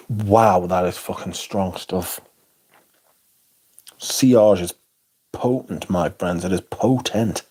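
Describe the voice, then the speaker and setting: A man hosting a casual livestream, chatting and answering viewers in an animated, exclamatory way and swearing freely. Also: fairly low pitch, moderate pace. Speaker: livestream host. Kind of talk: casual livestream chat, reading viewer comments.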